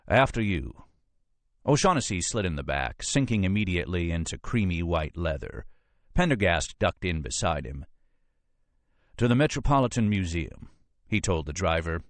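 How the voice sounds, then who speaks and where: A man narrating an audiobook in a measured storytelling manner. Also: sits low, dry recording. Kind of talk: scripted narration.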